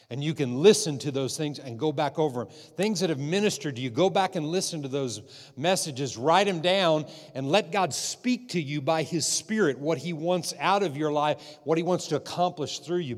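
A man preaches from the pulpit, repeating his phrases and calling out for amens. His voice sits a little high for a man. It rings out with a long reverb in the church. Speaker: pastor. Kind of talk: sermon. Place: church sanctuary.

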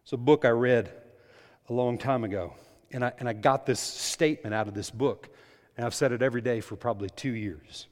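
A pastor preaching a sermon, emphatic and repetitive, building up in volume on key lines and dropping to quiet asides. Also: male voice, medium pitch, a little fast. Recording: long hall reverb.

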